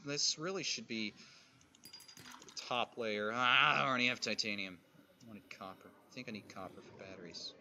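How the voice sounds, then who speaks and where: A man streaming a survival game, muttering and grumbling and swearing at creatures, with sudden loud outbursts. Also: on the low side, moderate pace, background noise. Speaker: gaming streamer. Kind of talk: casual let's-play commentary.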